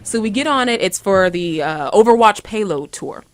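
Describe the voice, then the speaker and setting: A woman with a Southern US accent, a guest cosplayer and actress, tells stories in a lively way and acts out the voices of people she quotes. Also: medium pitch, moderate pace. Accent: Southern US, Georgia. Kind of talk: animated storytelling in an interview.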